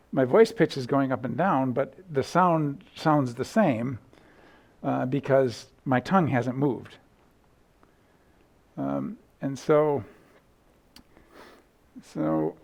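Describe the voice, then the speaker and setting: A man's voice: on the high side, slow pace, gravelly, long pauses, a little mellow. A middle-aged man lecturing casually in a lecture hall, thinking aloud with restarts and sung vowel demos. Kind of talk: university lecture.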